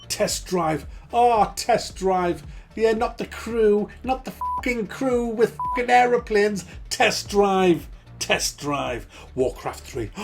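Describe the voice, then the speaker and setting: Excitable swearing man ranting about old games. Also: high-pitched, slow pace, creaky, faint music behind. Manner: excitable, swearing, repeats game titles. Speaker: gaming channel host. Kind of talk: nostalgic ranting monologue.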